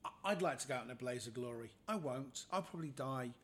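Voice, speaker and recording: A man, a podcast guest telling funny personal stories in a lively way and acting out the people in them. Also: mid-range voice, fast talker. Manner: animated storyteller, acts out the people in his stories. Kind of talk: casual anecdotal storytelling.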